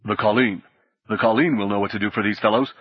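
Guy doing a friendly eager fella, husky, kinda muffled recording. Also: lowish voice, steady tone, fast talker, no echo. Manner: chatty, enthusiastic. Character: tall, friendly, eager man by a fire. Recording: dull lo-fi recording.

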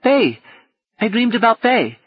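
A man's voice: extremely high pitch, big pitch swings, measured pace, breathy edge, no room sound, highs cut off, voice pushed up, heavily acted. A man voicing a frightened, eager young boy adrift after a shipwreck.

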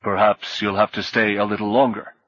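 A man's voice: fairly low pitch, flat delivery, a little fast, a bit bright, no echo. A man doing Wicket, a chatty, eager man. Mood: friendly. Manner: chatty, enthusiastic. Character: tall, friendly, eager man by a fire. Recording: dull lo-fi recording.

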